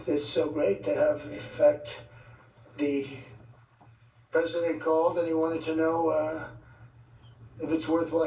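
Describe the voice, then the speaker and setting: A man's voice: a little high, creaky, a little mellow. A man giving an off-the-cuff speech to visiting leaders, rambling with joking asides. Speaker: politician addressing foreign leaders. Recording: echoey, distant mic, faint background noise.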